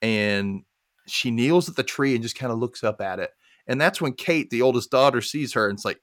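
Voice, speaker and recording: A man's voice: medium pitch, normal speed, no echo, studio quality. A man hosting a podcast, casually recapping a movie and acting out the quotes. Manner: animated storytelling with acted-out quotes. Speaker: podcast host.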